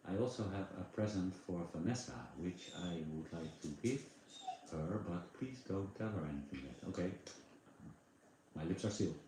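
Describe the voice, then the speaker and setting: A man's voice: deep voice, lively intonation, normal speed, dark tone. A man hosting a casual livestream, chatting loosely with many fillers and answering viewer comments into a phone microphone. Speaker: livestream host. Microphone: phone with attached microphone. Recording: very echoey room, faint background noise.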